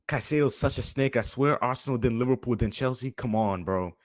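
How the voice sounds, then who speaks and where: A young man in a furious live-stream rant, calling everyone "bro" as he vents. His voice sits at an ordinary pitch and comes through a close microphone with no room sound at all. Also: no echo. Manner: heated, repetitive, says "bro" constantly. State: fuming. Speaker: fan channel host.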